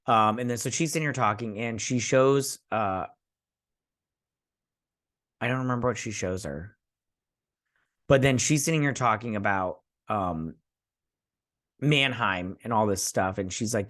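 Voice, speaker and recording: A man's voice: mid-range voice, expressive, moderate pace, long pauses, a bit bright. A man hosting a casual recap and review of a TV episode, rambling with lots of fillers and acting out the characters' lines.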